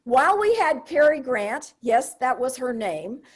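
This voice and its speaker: High, lively older woman storyteller. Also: a little slow, husky. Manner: wry, confiding, punchy asides. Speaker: solo theater performer. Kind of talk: comedic solo stage monologue.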